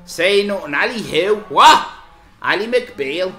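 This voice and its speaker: A man's voice: sits high, animated, slow pace, reverberant, music in the background. An Irish man bantering on a live stream, rambling and teasing in local slang.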